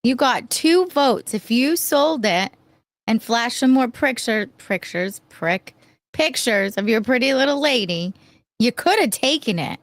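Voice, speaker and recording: A woman's voice: on the high side, expressive, a little slow, no room sound. A woman co-hosting a podcast in casual banter, playful and bawdy, often laughing. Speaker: podcast co-host.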